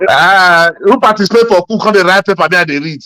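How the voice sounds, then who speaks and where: A man with a Nigerian accent, co-hosting a casual political chat and telling stories in a rambling, animated way full of fillers. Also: high-pitched, quick pace. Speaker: podcast co-host.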